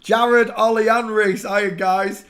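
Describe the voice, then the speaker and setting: A man hosting a live stream, giving casual, mocking running commentary on pictures and greeting viewers by name. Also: takes it slowly. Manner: excitable, breaks into loud high laughter. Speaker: livestream host.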